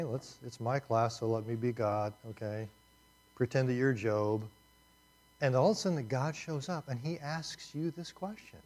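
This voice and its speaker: A man's voice: mid-range voice, darkish tone. A man teaching a class, talking in a conversational and emphatic way, often repeating himself. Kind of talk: classroom lecture.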